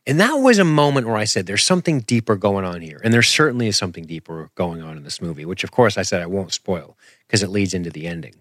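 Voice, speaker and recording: A man hosting a podcast, talking in an animated, rambling, self-deprecating way and throwing in sound effects. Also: sits low, quick pace, dry recording, studio quality. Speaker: podcast host. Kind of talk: casual podcast commentary.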